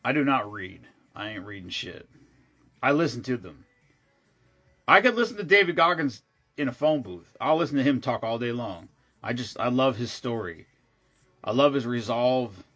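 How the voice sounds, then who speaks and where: A man's voice: medium pitch, expressive, moderate pace, a bit bright, soft background music. A man chatting casually and telling a story, rambling and restarting his sentences often, with blunt, profane asides. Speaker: show regular. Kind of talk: casual chat.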